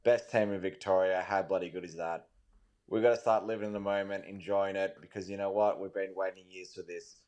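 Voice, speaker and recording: A man with an Australian accent leaving an excited, sweary voice message about his team. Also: deep voice, a little fast. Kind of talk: recorded fan voice message.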